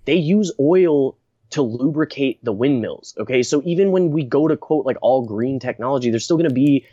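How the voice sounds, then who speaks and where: A man's voice: medium pitch, lively intonation, moderate pace, dark tone, no room sound. A young man hosting a casual podcast chat, rambling and blunt, laughing often and restarting his sentences. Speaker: podcast host. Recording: dry, dull lo-fi recording.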